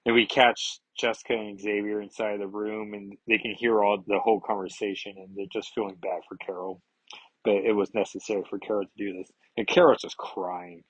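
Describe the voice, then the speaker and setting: Host, male, husky voice, dry close sound, loose sarcastic comic recap. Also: fairly low pitch, level tone, fairly quick, fairly bright tone, dry recording, low-quality recording. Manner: casual, loose, sarcastic asides. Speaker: comic book podcast host. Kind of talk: casual comic recap and commentary.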